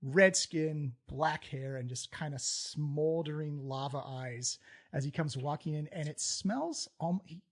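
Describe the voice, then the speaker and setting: A man's voice: fairly high pitch, a little slow. A man narrating a tabletop game as game master, describing scenes in a loose, conversational way.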